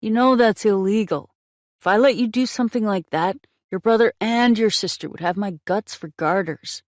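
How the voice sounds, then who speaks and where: A woman's voice: medium pitch, takes it slowly, no echo. A woman reading the lines of a stern, exasperated male federal agent in an audiobook, in a plain voice close to her own. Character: man, blunt by-the-book federal agent. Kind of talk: audiobook character voice.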